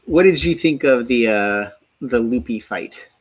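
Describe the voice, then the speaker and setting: A man co-hosting a casual talk show, calmly asking guiding questions. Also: medium pitch, unhurried, husky. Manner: calm, asks guiding questions. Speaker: co-host. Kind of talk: casual discussion.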